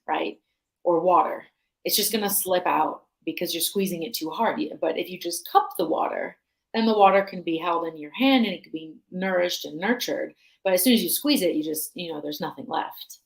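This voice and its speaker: Lower-pitched woman host, thoughtful and conversational. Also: creaky. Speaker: podcast host. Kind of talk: casual podcast interview.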